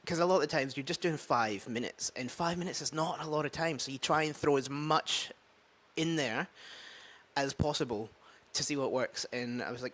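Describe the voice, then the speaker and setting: A man's voice: on the high side, moderate pace, fairly bright tone. A man with a Scottish accent, an open mic comedian, chatting casually in a vlog, rambling and thinking aloud with many fillers. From Scotland. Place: at home with a dog.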